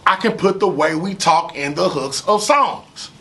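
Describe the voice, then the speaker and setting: A man from St. Louis, USA, appears as a guest on a rapper interview, telling stories casually. His voice is gravelly and high-pitched, his pace unhurried, and there's slight background noise. He's animated and profane, repeating "you know what I'm saying" again and again.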